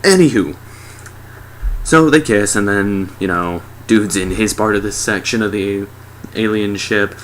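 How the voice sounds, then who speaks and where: A man's voice: on the low side, a little slow, a little hiss or hum. A sarcastic young man giving a casual, mocking movie review.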